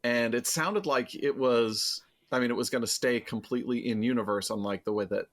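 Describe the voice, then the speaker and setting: A man co-hosting a podcast, talking in a thoughtful, halting way that often restarts his sentences. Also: medium pitch. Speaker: podcast co-host. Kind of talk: casual chat.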